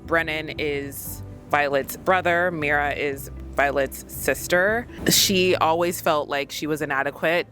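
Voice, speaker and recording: Young adult vlogger, casual and gushing, mid-range pitch, faint music underneath. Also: fairly even intonation, a little slow, hardly any pauses, pushed and bright. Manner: enthusiastic, gushing. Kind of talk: casual chat.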